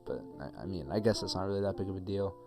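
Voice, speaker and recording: Young male vlogger, low and quick, casual rambling story-time delivery, faint music bed. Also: gravelly, a little mellow. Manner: rambling, profane, filler-heavy retelling.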